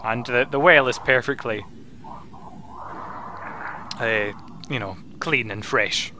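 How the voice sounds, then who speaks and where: A man's voice: mid-range voice, slow pace, pushed and bright, slight background noise. A man voicing a male wizard who commands zombies, speaking formally and overly politely with hesitant phrasing. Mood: genteel.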